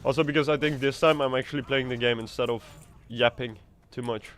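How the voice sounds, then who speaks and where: A man's voice: mid-range voice, fairly even intonation, brisk. A man streaming a video game, chatting casually in a rambling, self-mocking way with stammers and restarts. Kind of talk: casual gameplay chat.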